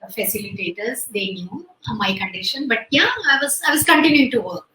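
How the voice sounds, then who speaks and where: A woman's voice: medium pitch, lively intonation, brisk, pushed and bright, echoey room, a little hiss or hum, low-quality recording. A woman in her late forties with an Indian English accent, telling a personal story in an interview, full of "like" and "you know" fillers. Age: late 40s. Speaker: guest. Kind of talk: conversational interview over video call.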